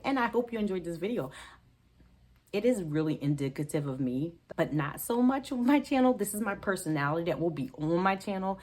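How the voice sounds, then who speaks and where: A woman's voice: fairly low pitch, lively intonation, a little fast, a little mellow. A woman hosting a budgeting channel, talking casually and emotionally to camera, rambling and correcting herself as she goes, with a gap in her teeth. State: tearful at times.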